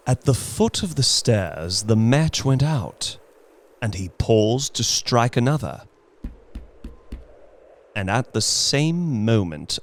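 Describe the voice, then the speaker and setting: A man's voice: fairly low pitch, slight background noise. A man narrating a suspenseful classic horror tale in a dramatic audiobook reading. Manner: slow, suspenseful storytelling. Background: faint music.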